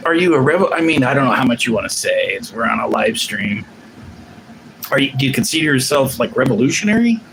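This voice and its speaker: Animated profane man rambling on stream. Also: fairly high pitch, noisy background. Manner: rambling, profane, restarts often. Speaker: live stream host. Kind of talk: casual live-stream chat.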